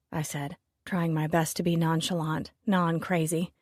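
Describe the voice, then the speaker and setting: Female audiobook reader, lowish voice, wry and measured; dry, close recording. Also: little pitch movement, no echo. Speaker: audiobook narrator. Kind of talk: first-person audiobook narration.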